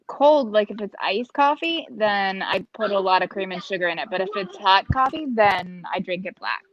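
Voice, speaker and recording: A woman's voice: medium pitch, animated, moderate pace, dull audio, a little hiss or hum. A woman in casual chat, telling stories and swearing freely.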